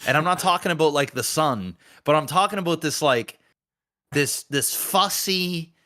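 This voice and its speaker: A man hosting a podcast, chatting casually and telling a story in a lively, profane way about his son. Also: a little high, normal speed. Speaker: podcast host; father.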